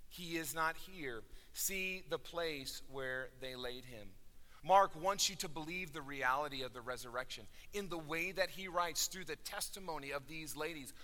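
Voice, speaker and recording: A man preaching a sermon, swinging from loud declarations to hushed, low endings. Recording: reverberant hall.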